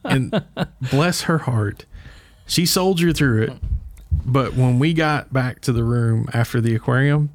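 Man, podcast host, casual storytelling, medium pitch, chuckling. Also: unhurried. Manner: animated storyteller, chuckles while talking.

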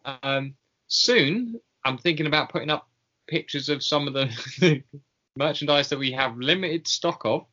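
Bright-voiced rambling podcast host. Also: male voice, fairly high pitch, unhurried, dull audio. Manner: rambling, filler-heavy, laughing at himself. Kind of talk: casual podcast sign-off.

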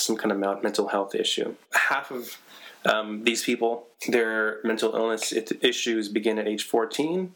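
Man, podcast co-host, casual chat, slightly low voice, easygoing. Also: a bit bright, poor audio. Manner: easygoing, conversational, reads statistics aloud.

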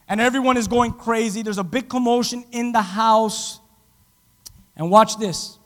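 A man preaching a sermon as pastor, dramatic, swinging from loud to hushed and acting out quotes. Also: high-pitched, fairly quick, big-room sound. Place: church.

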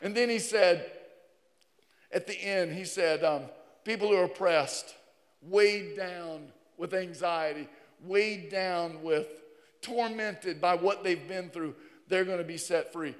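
Man preaching in a long-reverb church hall, high voice, swings from hushed to loud. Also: slow. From Virginia, USA. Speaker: pastor. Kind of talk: sermon. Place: church sanctuary.

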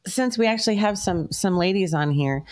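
A woman's voice: mid-range voice, animated, fairly quick, darkish tone. A woman co-hosting a podcast, telling stories in a blunt, profane casual chat. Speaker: podcast co-host.

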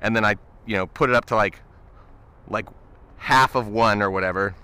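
A man cohosting a podcast, telling a story in an animated, casual way and chuckling often. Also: fairly low pitch, normal speed, clean tone. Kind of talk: casual chat.

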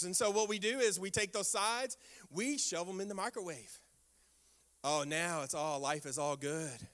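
An older man, a pastor, preaching a sermon with animated storytelling and sudden exclamations. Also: sits high. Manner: animated storytelling with sound effects and prayer.

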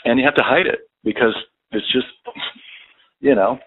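A man's voice: mid-range voice, moderate pace, creaky, a little hiss or hum. Foul-mouthed man on a phone chatline. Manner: crude, swears a lot, rambling and self-pitying. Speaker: caller. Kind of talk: casual chat. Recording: tinny phone line.

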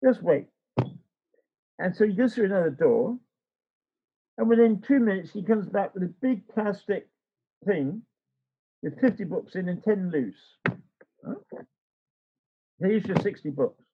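Man, author, high husky voice, rambling anecdote, dull lo-fi recording. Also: animated, normal speed, pauses often. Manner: rambling, acts out quoted dialogue. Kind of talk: anecdotal storytelling.

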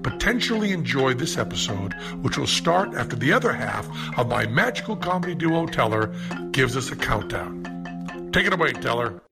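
A man reads a short podcast intro in a wry, sardonic tone. His gravelly voice moves up and down a lot. Music plays under him throughout. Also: mid-range voice, moderate pace. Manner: wry, sardonic, lively delivery. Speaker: celebrity guest giving an intro. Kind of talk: recorded sponsor-style intro.

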